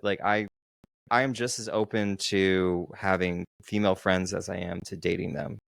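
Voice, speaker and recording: A man co-hosts a casual podcast, talking in slow, deliberate stretches and often restarting his sentences. His voice sits low with a gravelly edge. The sound is close and dry. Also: fairly even intonation, a bit bright, no echo. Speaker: podcast co-host, dating coach.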